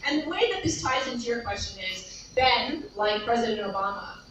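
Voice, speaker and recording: A woman telling a story at a summit in an animated, laughing way, full of fillers. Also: a little high, a little fast, a little hiss or hum. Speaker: panel speaker at a summit. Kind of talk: storytelling talk. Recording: echoey hall recording from far off.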